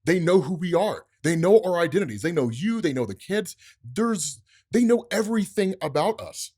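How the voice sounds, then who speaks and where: A man's voice: sits high, lively intonation, normal speed, a little mellow, slightly rough. A man voicing a distraught young male superhero who speaks in an urgent, shaken way.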